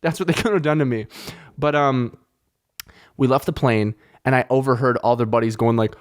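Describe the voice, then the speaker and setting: A young man in casual podcast chat, swearing freely as he retells things that riled him up. His voice sits at an ordinary middle pitch, and his talk stays lively and loose. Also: normal speed. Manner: animated, profane, heated retelling of anecdotes. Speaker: podcast host.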